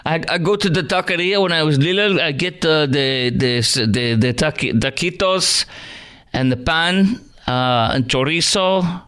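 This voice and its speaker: A man putting on a mocking, squeaky falsetto impression of a gushing woman politician on talk radio, drawn out and sing-song. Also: expressive, a little slow, fairly bright tone.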